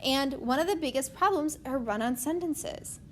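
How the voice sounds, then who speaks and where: A woman's voice: high voice, normal speed, slight background noise. A young woman teaching a writing lesson step by step, often checking in with "okay?".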